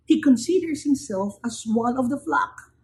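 A man preaching a sermon, building to emphatic raised peaks and then dropping low and quiet. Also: animated, normal speed, low-quality recording.

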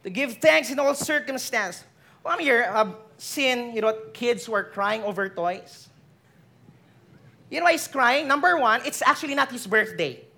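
A preacher with a Filipino accent delivering a lively sermon, teasing the congregation and switching languages. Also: medium pitch, moderate pace, creaky.

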